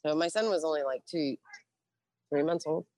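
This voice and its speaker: Low, dry-voiced middle-aged woman, blunt and profane storyteller, lively quotes. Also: normal speed, no echo. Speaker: interview guest, Navy veteran. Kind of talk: casual storytelling.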